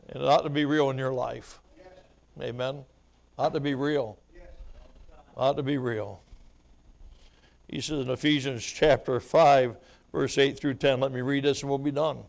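A male evangelist preaching at a revival, telling his testimony and building up to loud, fervent preaching punctuated with amen and laughter, at times choked up with tears. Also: mid-range voice, fairly even intonation, moderate pace, creaky, long pauses. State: choked up, weeping. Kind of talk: revival sermon.

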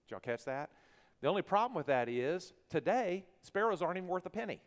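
A pastor preaching a sermon, swinging from hushed lines to loud bursts. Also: male voice, high-pitched, sing-song, brisk. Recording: long church hall reverb.

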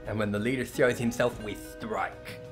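A man's voice: on the low side, fairly even intonation, moderate pace, over music, close to an everyday voice. A man voicing a bubbly, trigger-happy young female assistant in a perky, eager, raised voice for a fantasy game read-through. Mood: cheery.

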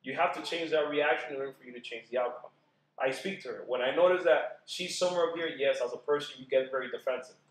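A man chatting as a podcast guest about marriage, animated and acting out quoted voices as he talks. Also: medium pitch, quick pace, echoey room, low-quality recording. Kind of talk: casual podcast chat.

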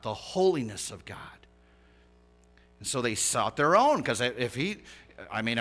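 A man preaches in an easy, conversational way, telling stories and reading scripture aloud. His voice is mid-pitched with a bright, forceful edge. He drops to near-murmurs and then surges loud for emphasis. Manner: lively, conversational preaching with big swings in loudness. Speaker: pastor. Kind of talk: sermon.

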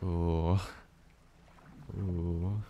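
Low-voiced male streamer reacting aloud. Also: little pitch movement, very slow, phone-quality sound, a little hiss or hum. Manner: reactive, swears when startled, mutters to himself. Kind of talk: live gameplay commentary.

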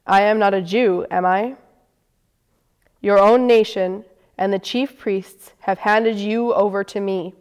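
A woman giving a measured, unhurried Good Friday scripture reading in a church. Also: mid-range voice, darkish tone, smooth. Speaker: scripture reader. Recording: long reverb of a church.

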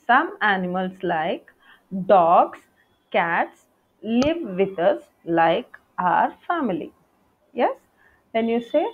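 A woman's voice: mid-range voice, big pitch swings, slow. A woman teacher giving a patient lesson to young schoolchildren, spelling out words letter by letter. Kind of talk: online class lesson for young children. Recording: tinny phone-like audio.

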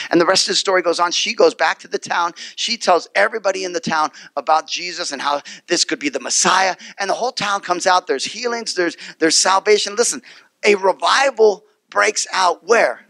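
A male pastor preaching a sermon, telling the story in a lively way, acting out the people in it and repeating his phrases. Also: high voice, brisk, creaky, dry recording, studio quality.

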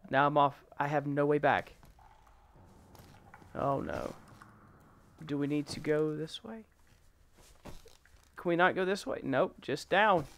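A man hosting a first-time gameplay video, jumpy and excitable, yelping, laughing and taunting the enemies on screen. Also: a little high, gravelly, a little hiss or hum. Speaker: gaming channel host.

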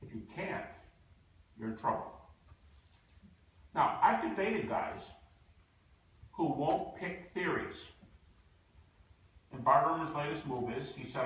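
A man giving an emphatic, animated lecture with stories, acting out the people he quotes. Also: fairly high pitch, slow pace, pauses often. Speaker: guest lecturer. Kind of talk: lecture with storytelling. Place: university lecture hall. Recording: echoey hall, distant mic.

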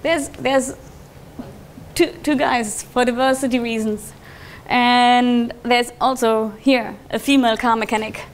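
A woman giving a conference talk to an audience, telling stories in a lively way and laughing often. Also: on the high side, unhurried. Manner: lively, with frequent restarts and fillers. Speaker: conference speaker. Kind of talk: live talk with audience questions.

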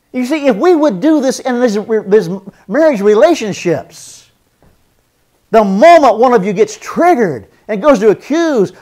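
A man's voice: extremely high pitch, a little mellow. A man teaching a marriage seminar as a pastor, earnest, repeating phrases for emphasis and acting out spoken apologies.

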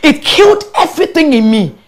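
A woman with a Ghanaian accent, a guest telling her own story in an interview, animated and quick to laugh, mixing local words into her English. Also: sits high. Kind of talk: candid personal storytelling in an interview.

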